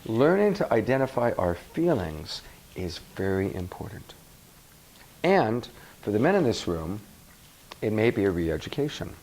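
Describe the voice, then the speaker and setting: Animated male coach addressing a room. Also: on the low side, measured pace, poor audio. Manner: animated, asks the audience questions, acts out examples. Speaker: relationship coach. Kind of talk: workshop talk to a live audience. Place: workshop room with an audience.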